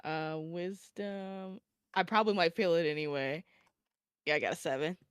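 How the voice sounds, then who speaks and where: A woman's voice: lowish voice, normal speed, clean tone, no echo, muffled recording. A woman playing a tabletop role-playing game who talks in a giggly, sheepish way. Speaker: player. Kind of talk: casual tabletop role-play.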